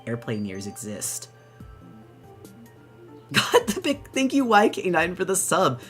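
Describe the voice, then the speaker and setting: A young woman chatting excitedly on her debut live stream, bubbly and gushing, rambling with lots of restarts. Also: fairly low pitch, slow, faint music behind. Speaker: VTuber streamer.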